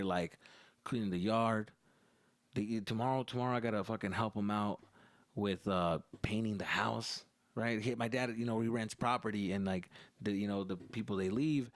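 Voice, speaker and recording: A man from Arizona, a comedian, telling profane, animated stories in a casual podcast monologue. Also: fairly low pitch, no room sound, studio quality.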